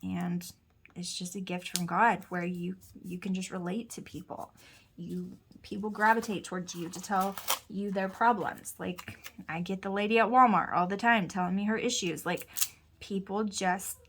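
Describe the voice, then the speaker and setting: A woman's voice: medium pitch, fairly even intonation, moderate pace, a bit bright, slight background noise. A woman in her thirties telling a personal story in a casual, chatty, self-deprecating way, often quoting herself and others. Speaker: host.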